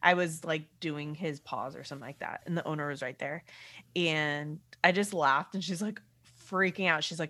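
A woman's voice: low voice, normal speed, fairly bright tone. A young woman who works as a dog groomer, chatting casually and acting out quoted dialogue. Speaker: dog groomer, podcast co-host. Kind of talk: casual chat.

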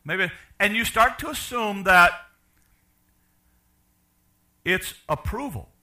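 An older man preaching a sermon, asking the congregation questions and swinging from loud to quiet. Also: high-pitched, animated, takes it slowly. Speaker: pastor.

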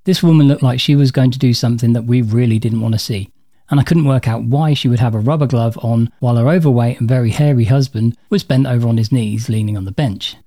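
A man's voice: mid-range voice, fast, warm tone. A man narrating a personal anecdote with dry, wry understatement. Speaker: storyteller.

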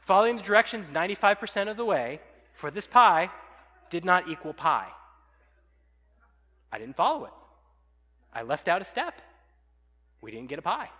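A man preaching a sermon, telling a casual, animated personal story with plenty of fillers before reading scripture. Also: high voice, moderate pace, pauses often, in a large hall. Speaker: pastor.

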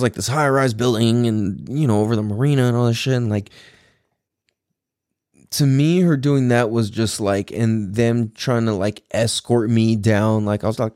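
A man hosting a podcast, telling a personal story in a rambling, profane way and acting out quotes with sudden high pitch jumps. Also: mellow, no echo, studio quality. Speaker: podcast host. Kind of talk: casual storytelling monologue.

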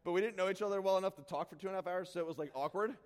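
A man preaching by telling a self-deprecating personal story, animated and prone to sudden shouts. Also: sits high, rapid-fire, in a large hall. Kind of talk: sermon storytelling.

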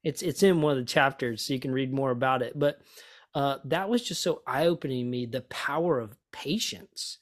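A man, a pastor and author, telling stories as a guest in an interview, lively and often repeating words as he thinks. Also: medium pitch, normal speed. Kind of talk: conversational storytelling.

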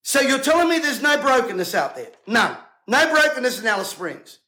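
An indignant male preacher with a strikingly high voice. He speaks to camera in a bright, forceful tone and keeps firing off rhetorical questions. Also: sing-song, fairly quick, poor audio. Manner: emphatic, combative, rhetorical questions.

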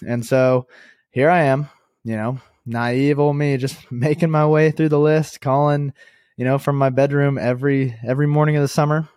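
A young adult man hosting a podcast, telling a story in a chatty, animated way with lots of fillers and self-corrections. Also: medium pitch, normal speed, clear, resonant tone, no room sound, clean studio sound. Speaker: podcast host and company co-founder. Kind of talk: casual storytelling monologue.

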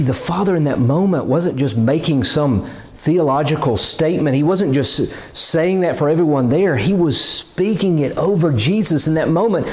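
Earnest preacher guy, fairly high voice that swoops up and down a lot, keeps repeating words as he builds. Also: a little mellow. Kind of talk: sermon.

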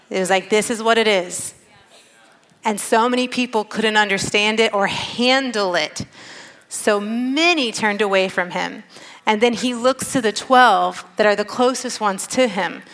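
A woman's voice: mid-range voice, normal speed, fairly bright tone. A woman preaching a sermon in an earnest, conversational way, stressing her points. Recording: long hall reverb.

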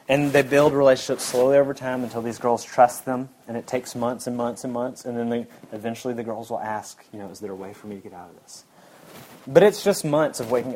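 A man delivers a sermon in a middle-pitched voice. He is earnest and emphatic and circles back to repeat his points. A faint hiss sits under the recording. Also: darkish tone, poor audio. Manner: earnest, repetitive emphatic preaching. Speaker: preacher.

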